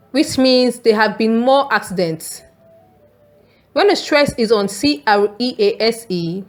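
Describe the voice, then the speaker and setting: A woman teacher reads a scripted lesson in a somewhat high voice. She moves at an unhurried, measured pace. Each word is enunciated carefully and deliberately. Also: expressive.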